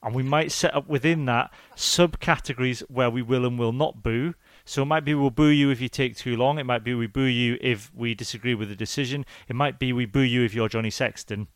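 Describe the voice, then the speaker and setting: A man hosting a podcast, talking in an animated, rambling, jokey way. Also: mid-range voice, fairly quick, few pauses, no room sound, studio quality. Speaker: podcast host. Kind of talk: casual chat.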